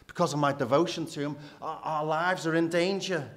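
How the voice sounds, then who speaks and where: A man's voice: on the high side, steady tone, brisk, lightly acted. A man, voicing an earnest male believer who has fled and tells his story with small stumbles during a sermon. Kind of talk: sermon role-play.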